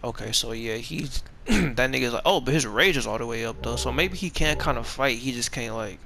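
A man's voice: mid-range voice, lively intonation, brisk, gravelly, crowd noise. A man giving casual gameplay commentary, rambling along in profane, slangy, laid-back talk. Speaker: gamer streaming a playthrough.

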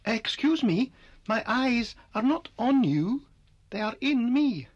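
A woman voicing an earnest, polite little male doll who is a bit flustered, in an animated series. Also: a little high, takes it slowly, slightly rough, muffled recording, heavily acted. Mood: indignant.

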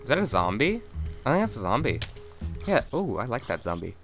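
A man casually commenting on his own gameplay as a video host, chatty and excitable, squealing high when startled. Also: a little fast, faint music behind.

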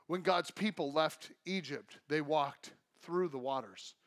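High-voiced male pastor preaching. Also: unhurried. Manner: storytelling, acts out quoted voices. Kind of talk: sermon. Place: church sanctuary.

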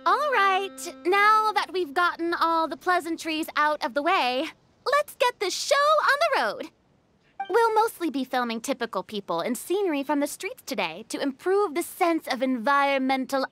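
A woman voicing a vain, energetic young film director in a fan voice dub, talking in a bossy, theatrical way. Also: high voice, moderate pace, faint music behind. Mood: commanding.

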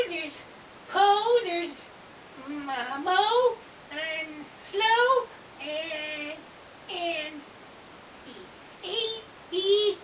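A cheerful raccoon puppet chirps along in a squeaky, sing-song voice. The tone is bright and the delivery slow and drawn out. It sounds like a homemade puppet video, with the mic set back in an echoey room and a faint hiss underneath. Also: female voice, recorded from a distance, exaggerated voice.

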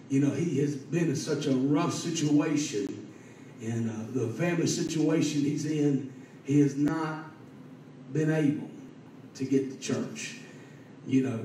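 Fervent preacher in an echoey church. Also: male voice, fairly high pitch, distant mic, a little hiss or hum. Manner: fervent, rising to loud emphatic peaks. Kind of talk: sermon with personal story. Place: church sanctuary.

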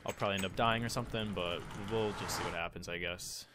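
A young man giving casual let's-play commentary, excitable and jokey, trash-talking other players and yelping when he gets hit. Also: deep voice, quick pace, background noise. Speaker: gameplay commentator. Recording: faint keyboard clicks behind.

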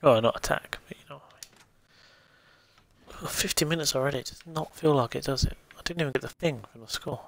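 Gravelly man streaming a game. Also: fairly high pitch, fairly quick, dry recording. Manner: swears casually, thinks aloud. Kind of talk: casual gameplay commentary.

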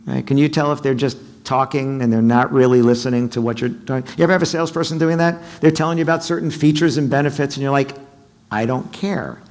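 A middle-aged man giving a sales seminar talk in a hotel conference room, animated and quizzing the audience. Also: mid-range voice, fast talker, few pauses. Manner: animated, asks the audience questions, acts out quotes. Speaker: keynote speaker.

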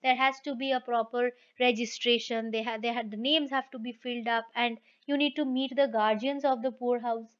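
A woman reading a calm, firm wheelwright. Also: a little high, moderate pace, hardly any pauses, lightly acted. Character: steady, kind-hearted village wheelwright, adult man. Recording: dull lo-fi recording.

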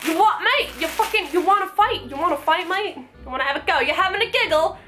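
A woman's voice: extremely high pitch, lively intonation, quick pace, sharp tone, soft background music, heavily acted. Woman putting on a cocky brawler picking a fight. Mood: taunting. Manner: taunting, spoiling for a fight. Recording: roomy echo.

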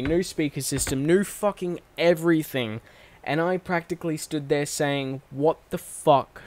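A young man in his late teens, vlogging from his bedroom into a microphone on a stand at his desk. His voice sits a bit high for a man. He rambles loosely, swears often and keeps correcting himself mid-sentence. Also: slight background noise. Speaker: channel host. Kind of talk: casual vlog monologue. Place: bedroom recording setup at home.

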